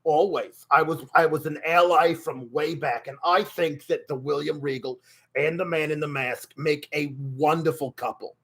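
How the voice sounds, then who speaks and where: A man's voice: fairly high pitch, fairly even intonation, moderate pace, fairly bright tone, slightly rough. A man putting on a throaty, gushing older woman. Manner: gushing, effusive, greets chat viewers. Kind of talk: live stream character commentary.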